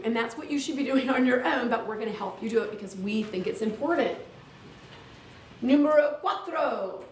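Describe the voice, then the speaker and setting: A woman's voice: a little high, slight background noise. Chatty teacher woman in an echoey room. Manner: lively, chatty, with teacherly asides. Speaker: teacher leading a workshop. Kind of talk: live classroom-style workshop talk. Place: room with audience. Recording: echoey room, far from the mic.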